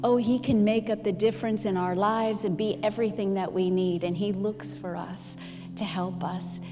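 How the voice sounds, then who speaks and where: A woman's voice: medium pitch, fairly even intonation, moderate pace. A middle-aged woman pastor telling a personal story in a sermon, acting out both sides of the conversation. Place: church. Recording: long hall reverb with music behind.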